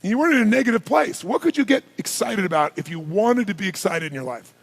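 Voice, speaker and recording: On stage before a large crowd, a motivational speaker with a high-pitched voice and vocal fry talks quickly and energetically. He fires rhetorical questions at the audience and sometimes shouts to rouse them.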